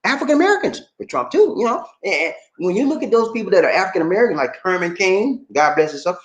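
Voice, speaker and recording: This livestream host, a man from Charleston, South Carolina, has a high-pitched voice and talks fast. He chats casually and lively with viewers, reads their comments and laughs often, all in an echoey room with poor audio.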